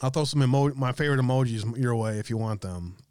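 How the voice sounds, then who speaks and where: A man's voice: medium pitch, fast talker, a little mellow, no room sound. Profane chatty male livestream host. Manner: profane, jokey, reads chat comments aloud. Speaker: livestream host reading chat. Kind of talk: casual livestream chat.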